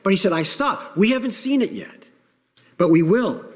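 A man's voice: high voice, animated. Earnest male preacher in a reverberant church. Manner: earnest, emphatic preaching with pauses. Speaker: pastor. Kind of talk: sermon. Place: church sanctuary. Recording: long reverb of a church hall.

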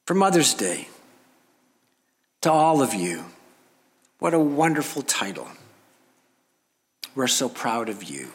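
A man slowly reading a Mother's Day story aloud to a congregation, with dry asides in between. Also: mid-range voice, big pitch swings. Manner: slow, measured storytelling with asides. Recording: long reverb of a large hall.

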